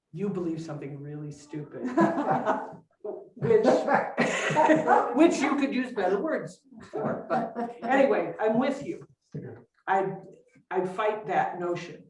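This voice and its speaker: A woman's voice: medium pitch, darkish tone, reverberant, far from the mic, rough recording. A woman speaking thoughtfully and measuredly in a casual group discussion.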